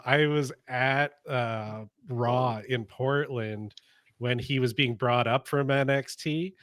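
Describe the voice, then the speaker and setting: A man co-hosting a wrestling podcast, chatting and telling stories in an animated way with laughter. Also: mid-range voice, dry recording, studio quality. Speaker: podcast co-host. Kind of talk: casual chat, storytelling.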